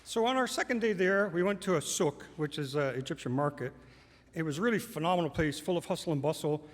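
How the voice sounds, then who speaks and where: On stage in a large hall, a man with a fairly high voice and lively intonation tells a personal story fast to a live audience. He's conversational and amused, laughing through his lines, and the recording has a long hall reverb.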